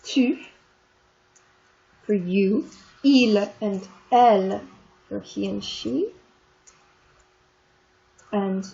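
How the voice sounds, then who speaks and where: A woman teaches a French class in a recorded online lesson, explaining in a chatty way and drawing out the French words. Her medium-pitched, slightly mellow voice is very slow, with vocal fry and long pauses. The screen recording sounds dull and lo-fi, with faint noise.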